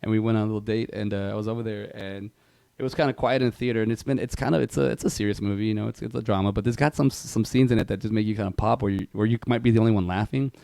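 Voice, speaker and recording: A man co-hosting a movie podcast, chatting casually and telling animated stories. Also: on the low side, very fast, vocal fry, no echo. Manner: animated storyteller, loud impressions in anecdotes. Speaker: podcast co-host. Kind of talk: casual chat.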